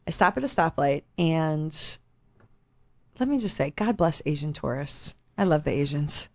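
Young woman podcast co-host, animated storyteller, very lively pitch, dull lo-fi sound. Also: moderate pace, dry recording. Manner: animated storyteller, acts out voices loudly. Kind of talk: casual chat. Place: Los Angeles.

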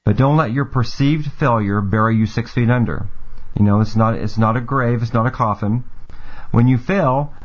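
Earnest man giving a calm monologue. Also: medium pitch. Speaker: segment host. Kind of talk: reflective monologue. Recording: dull lo-fi sound.

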